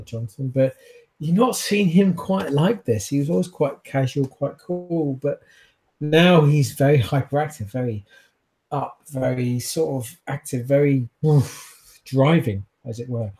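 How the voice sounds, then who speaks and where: A man's voice: mid-range voice, mellow. A man running a tabletop game as game master, describing scenes with frequent fillers. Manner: descriptive, laughs often, hesitant fillers.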